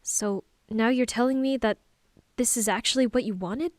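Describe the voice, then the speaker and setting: A woman's voice: a little high, moderate pace, no room sound, clean studio sound, natural voice. A woman voicing a timid, submissive young man who sounds shaken and hesitant, in an audiobook. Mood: questioning. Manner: whiny and hesitant.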